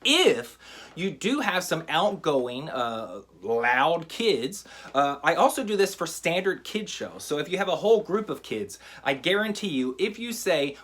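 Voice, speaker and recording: Chatty man with lively pitch. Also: unhurried. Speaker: magician teaching a trick. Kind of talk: casual how-to tutorial.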